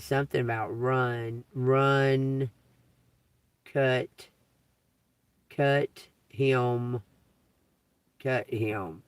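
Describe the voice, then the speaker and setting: A man live-streaming a psychic reading from inside a car, talking slowly, spelling out letters and swearing casually. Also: mid-range voice, a bit bright, clear, resonant tone, no echo, recorded from a distance.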